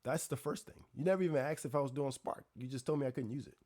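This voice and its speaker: A man talks casually to his live stream chat in a medium-pitched voice. He tells stories with animated energy and tosses exasperated rhetorical questions at his viewers. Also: fast. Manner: animated storytelling, addressing chat directly. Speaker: livestream host.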